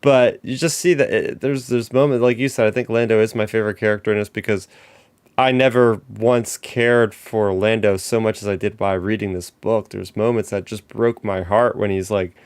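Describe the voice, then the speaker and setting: On a podcast, a male host chats casually as an eager fan, full of fillers, restarts, and "like." His voice is on the low side at a normal speed, with a clean tone and no echo.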